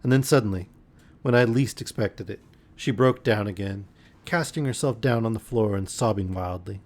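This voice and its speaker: A man with a lowish voice reads a novel aloud as a bedtime story on a live stream. His reading is expressive, and now and then he breaks off for a wry comment. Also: moderate pace.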